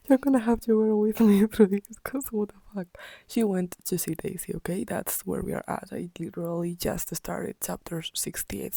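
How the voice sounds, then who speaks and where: A woman's voice: fairly low pitch, vocal fry, mellow, dry recording. A tired young woman talking in a casual, exasperated reading vlog, often dropping into a whisper late at night. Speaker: book vlogger.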